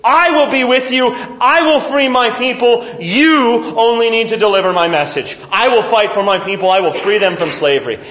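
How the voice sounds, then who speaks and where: A man acting out a bold, commanding God who speaks in raised, declaring tones. The voice sits high and bounces around a reverberant room. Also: normal speed, hardly any pauses, a bit bright. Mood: reassuring. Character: commanding God, bold and taunting toward Pharaoh.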